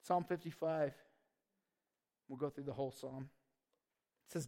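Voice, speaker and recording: A man's voice: medium pitch, steady tone, unhurried, pauses often, warm tone. A man preaching a sermon as a pastor, emphatic and conversational.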